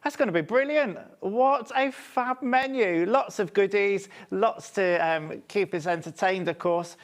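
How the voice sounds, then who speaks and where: A man's voice: high voice, measured pace. A man, hosting a live TV shopping show in a studio with upbeat, chatty sales patter. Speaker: shopping channel presenter.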